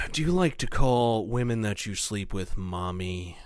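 A man co-hosting a podcast, teasing his friends in relaxed casual chat. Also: lowish voice, takes it slowly, clear, resonant tone. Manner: dry teasing, joking. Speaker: podcast co-host.

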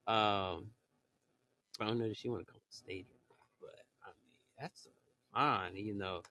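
A man's voice: on the low side, fairly even intonation, unhurried, pushed and bright. A man chatting casually on a live audio stream, rambling in slang, full of fillers and restarts. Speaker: live audio room host.

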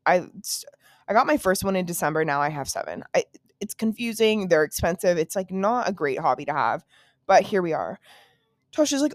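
A young woman hosts a podcast, telling a story to her listeners from home in a loose, profane, casual solo style packed with "like" and laughing asides. Her voice is medium-pitched with lively intonation and a fairly quick pace, and the clean studio sound has no room noise.

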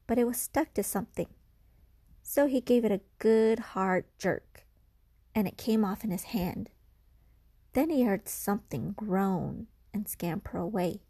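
A woman's voice: medium pitch, warm tone, husky, no echo. A woman telling a spooky folk tale in a dramatic way, sometimes dropping into a whisper. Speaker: storyteller.

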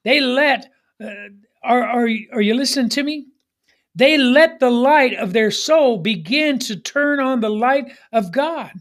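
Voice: high-pitched, a little slow. Folksy call-and-response preacher. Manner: call-and-response, urging the congregation to repeat lines; folksy, humorous storytelling. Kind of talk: sermon.

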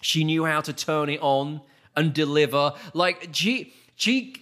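A man's voice: fairly high pitch, unhurried. A man co-hosting a podcast, telling anecdotes in casual chat and acting out quoted lines. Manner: animated anecdotes with put-on quotes. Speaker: podcast co-host.

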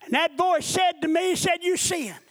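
A man preaching with a very high, piercing voice, caught in a dry, close recording with no room sound. He moves from quiet storytelling to impassioned shouting as he drives home his point. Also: fairly even intonation, normal speed, dry recording. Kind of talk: sermon.

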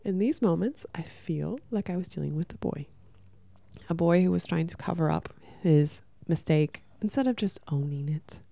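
A young woman with a low, gravelly voice tells a personal story at home, rambling and emotional, stumbling over restarts and acting out what everyone said. Her tone is mellow and smooth, and the sound is close and dry. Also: normal speed, no room sound. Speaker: vlogger. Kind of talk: candid storytelling to camera.

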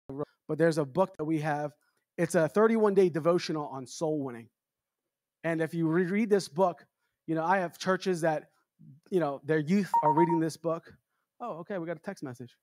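A man's voice: no echo, studio quality. An American man preaching a storytelling sermon at a church revival, joking and acting out the voices in his story. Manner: animated, jokey, acts out quotes with big pitch jumps. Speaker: evangelist preacher.

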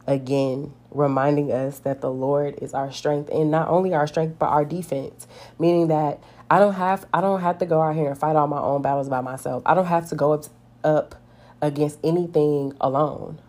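A woman's voice: low-pitched, steady tone, moderate pace, a little mellow. A woman giving an earnest, conversational devotional talk, reading scripture and speaking plainly, with many "like" fillers.

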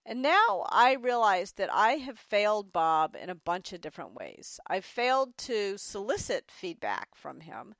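A middle-aged woman telling a story from her career as an interview guest, candid and animated, acting out the people she quotes. Her voice sits at a medium pitch and is recorded close and dry, with no room sound. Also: unhurried, hardly any pauses, dry recording.

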